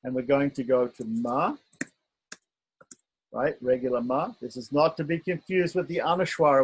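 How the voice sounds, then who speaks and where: A man's voice: medium pitch, moderate pace, breathy edge, rough recording. A man teaching an online script lesson, patiently sounding out letters and often checking in with his students.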